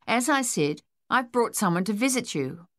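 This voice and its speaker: A woman reading the part of a kindly American army captain in an audiobook, gentle and reassuring. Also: fairly low pitch, normal speed, no echo, clean studio sound, close to an everyday voice.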